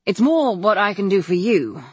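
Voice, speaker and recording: A woman voicing a male high-tech crime officer who talks in a dry, teasing way. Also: big pitch swings, normal speed, husky, no room sound. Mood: wry.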